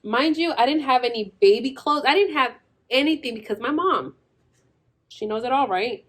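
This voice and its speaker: A woman's voice: high voice, lively intonation, normal speed. Chatty young woman telling a story. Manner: chatty, says "like" and "girl" constantly, acts out quoted voices. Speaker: vlogger telling a birth story. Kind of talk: casual storytelling.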